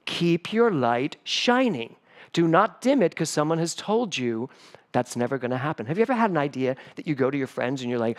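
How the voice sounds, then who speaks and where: Animated man preaching a sermon. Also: a little high, quick pace. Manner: animated storyteller. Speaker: spiritual director. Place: church service.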